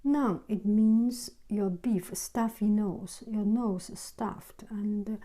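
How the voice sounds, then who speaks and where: Lady teaching characters, super slow, dark mellow voice, drops to a half-whisper a lot. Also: medium pitch, rough recording. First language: Chinese. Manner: soft, often half-whispered while writing. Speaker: calligraphy teacher. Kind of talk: slow explanatory tutorial. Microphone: camera on tripod.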